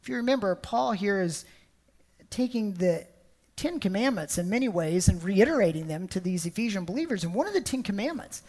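A woman's voice: mid-range voice, animated, fairly quick, a little mellow. A woman preaching a sermon, emphatic and storytelling, often repeating words.

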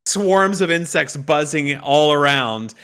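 A man's voice: on the high side, animated, takes it slowly, fairly bright tone, smooth. A man narrating as game master of a tabletop game, laughing often and stopping for fillers and restarts as he describes the scene.

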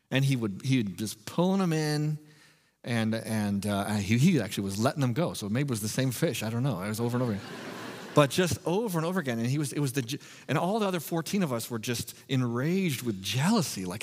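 A man preaching a sermon as pastor, telling a self-deprecating story in a relaxed, conversational way before moving into scripture. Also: medium pitch, long reverb tail.

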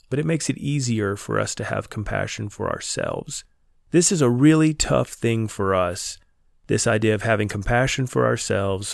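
Gravelly, earnest man hosting a podcast. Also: medium pitch, no room sound, studio quality. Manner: reflective, earnest, measured. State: stuffy from a stomach bug. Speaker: podcast host and counselor. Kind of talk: solo podcast monologue.

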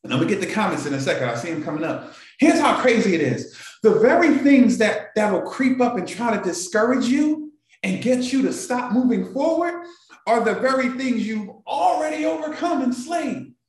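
A man's voice: very high voice, animated, moderate pace. A man hosting a morning show, giving an emotional motivational talk to a live audience and repeating phrases for emphasis. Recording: very echoey room.

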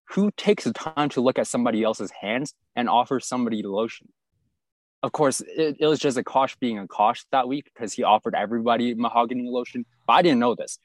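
A young man telling an exaggerated comic story from high school in a casual chat. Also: no echo.

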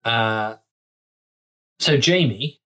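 A man's voice: medium pitch, very slow, bright, forceful tone. A man co-hosting a casual podcast, explaining trivia and steering the chat. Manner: explains facts, steers the episode. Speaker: podcast co-host.

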